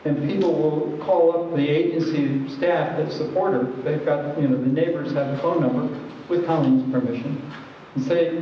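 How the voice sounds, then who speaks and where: Male trainer, wry storyteller, a bit high. Dull, lo-fi hall recording with faint hiss. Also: steady tone, normal speed. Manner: conversational, wry. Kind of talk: storytelling presentation. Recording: echoey hall from far off, dull lo-fi.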